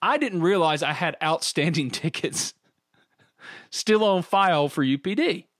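A middle-aged man with a drawl, co-hosting a casual sports talk show. His voice sits a little high, and he tells animated stories and laughs often. The recording is close and dry, with no room sound. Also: unhurried, no room sound. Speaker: podcast co-host.

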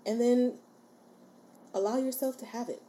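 Woman, solo podcast host. Warm and mellow, chatty, encouraging, keeps checking in with listeners. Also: a little high, fairly even intonation, normal speed, slight background noise. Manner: chatty and informal. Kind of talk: casual solo podcast talk.

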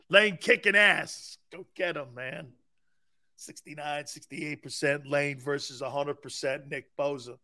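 A man hosting a sports talk show in a high, bright, punchy voice. He talks brash and emphatic, tosses in "man" and "dude", and laughs at his own points. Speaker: sports radio host. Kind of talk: sports talk radio, reacting to callers.

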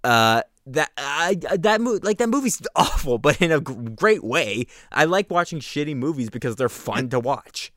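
Wry, halting man on a podcast. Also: a little high, very animated, a bit bright, dry recording, clean studio sound. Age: older. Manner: wry, hesitant, self-correcting. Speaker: podcast co-host. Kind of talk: casual chat.

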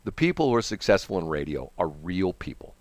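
A man's voice: sits low, very animated, fairly quick, no echo. A man with a St. hosting a radio show, rambling and acting out quotes in put-on voices. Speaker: radio host. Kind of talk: casual on-air banter. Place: radio studio.

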